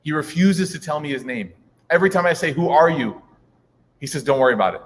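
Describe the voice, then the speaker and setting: A man's voice: a little high, expressive, fast, close to an everyday voice. A man voicing a blind elderly woman who answers plainly and simply, recorded in a reverberant hall.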